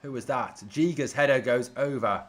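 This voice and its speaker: A man hosting a fan watch-along stream, giving casual live commentary and reading out viewers' comments, getting excitable when his team attacks. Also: medium pitch, moderate pace.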